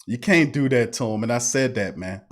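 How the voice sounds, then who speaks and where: A man hosting a casual sports talk livestream, animated and emphatic, repeating himself and often laughing. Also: medium pitch, fairly quick. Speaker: sports talk show host.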